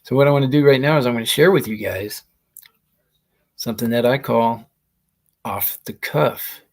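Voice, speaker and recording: Here a man hosts a comedy show at a moderate pace, his voice sitting in the middle range. His stand-up monologue wanders from story to story, and he laughs as he speaks into his laptop microphone.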